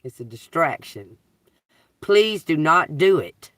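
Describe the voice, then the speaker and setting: A woman's voice: low-pitched, sing-song, slow pace, a bit bright, no echo, clean studio sound. Profane Southern tarot reader, woman. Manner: blunt, profane, swings between drawl and outbursts. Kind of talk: unscripted video rant to viewers.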